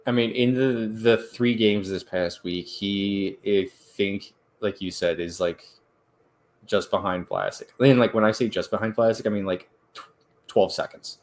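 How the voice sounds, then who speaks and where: A man co-hosts a sports podcast in a slightly low voice. He tells stories with energy, jumping up high when he acts out what others said, in loose, casual chat. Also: unhurried. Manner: animated storytelling, acts out quotes in a high voice. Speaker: podcast co-host.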